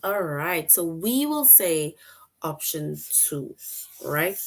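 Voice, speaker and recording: Slow, low-voiced woman teaching children. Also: big pitch swings. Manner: patient, checks in with frequent "right?"; reads sentences aloud slowly and clearly. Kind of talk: online lesson for children.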